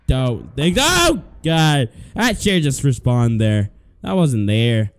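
A man's voice: mid-range voice, very animated, takes it slowly. A man playing a horror game on camera, jittery and nervous, talking to the monster, swearing and yelping at scares. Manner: jumpy, nervous chatter with sudden yelps and shouts; talks to the game's monster, swears and mutters to himself. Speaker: let's play gamer.

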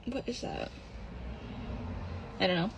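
A young woman on a phone livestream, venting and close to tears, halting, with lots of "like" and "literally" as she reads comments. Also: medium pitch, huge pitch swings, creaky, background noise. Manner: frequent "like" and "literally", halting and upset. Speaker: livestream host. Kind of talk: casual livestream chat, reading comments.

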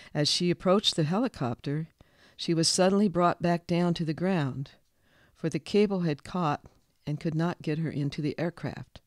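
A man reading a local history story aloud in a calm, measured scripted narration. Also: a little high, no room sound, studio quality.

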